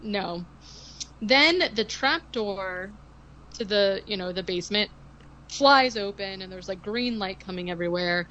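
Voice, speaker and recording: A woman's voice: medium pitch, animated, measured pace, a bit bright, highs cut off. A woman co-hosting a podcast, recapping a film in casual chat, rambling with lots of "like" and sarcastic asides. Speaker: podcast co-host.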